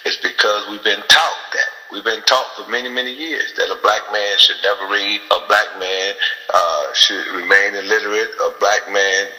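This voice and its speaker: Male host, AAVE, bright cutting voice, preachy rhetorical questions, reverby room. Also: on the low side, steady tone, moderate pace, soft background music. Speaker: podcast host. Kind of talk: casual political talk.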